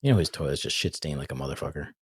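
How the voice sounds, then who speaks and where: A male podcast host who jokes and swears in a lively, bouncy voice. He teases his co-host with mock fury and reads crude jokes aloud. The sound is close and dry. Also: rumbling low, very fast, husky, dry recording. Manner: profane, teasing, mock-angry. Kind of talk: casual comedy podcast chat.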